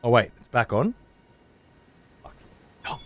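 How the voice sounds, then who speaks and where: A man's voice: medium pitch, sing-song, slow. An Australian man streaming a game live, ranting and swearing heavily while he talks to his chat. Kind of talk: live gameplay commentary.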